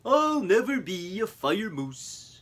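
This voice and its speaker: A man voicing an eager, goofy male moose in a children's storybook reading, loud and drawn out. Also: high-pitched, big pitch swings, slow, voice pushed up, heavily acted.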